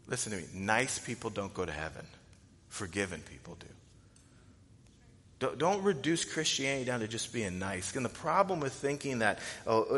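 In a large hall, a male pastor preaches an animated sermon, leaping into loud, high-pitched bursts whenever he acts out quotes.

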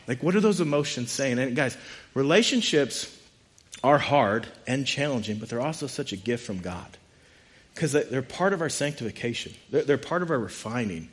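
A man preaching a sermon in a conversational, animated way, with frequent asides. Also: mid-range voice, moderate pace. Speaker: pastor.

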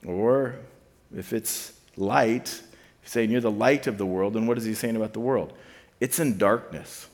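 A man's voice: fairly low pitch, measured pace, darkish tone, in a large hall. A man giving a conversational sermon to a student ministry, casual and full of fillers, repeating key points for emphasis.

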